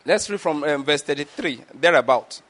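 A man's voice: on the high side, animated, normal speed, a bit bright. A man preaching a sermon, often asking his listeners if they follow him. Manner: asks the audience rhetorical questions and checks understanding. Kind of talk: sermon teaching.

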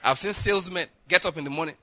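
A middle-aged man, a pastor preaching a sermon with lively acted-out stories, often saying "listen" and "all right". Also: fairly high pitch, fast talker, no echo. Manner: lively, repeats "listen" and "all right", laughs at own jokes.

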